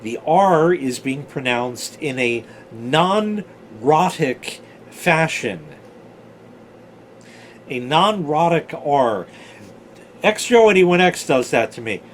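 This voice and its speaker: A man's voice: a little high, expressive, takes it slowly, pauses often, slight background noise. A man in his forties telling old stories in a casual, rambling way, swearing freely and drifting off on side tangents. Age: 40s. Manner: chatty, swears freely, digresses. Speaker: storyteller host.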